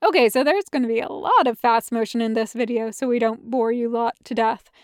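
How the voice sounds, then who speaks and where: A woman's voice: a little high, a little fast, dry recording, clean studio sound, close to an everyday voice. A woman voicing a cocky young man who vlogs candy reviews, wry and swearing casually. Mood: cheeky.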